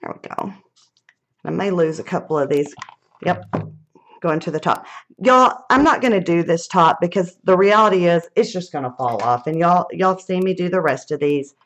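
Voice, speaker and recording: A woman's voice: fairly low pitch, expressive, moderate pace. A middle-aged woman, chatting casually through a live craft demonstration, thinking aloud and laughing at her own mishaps.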